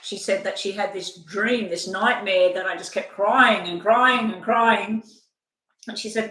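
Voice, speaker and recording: A woman's voice: mid-range voice, unhurried, pushed and bright, echoey room, low-quality recording. An older woman giving a chatty, rambling live-stream tarot reading, at times talking while she eats. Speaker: tarot reader.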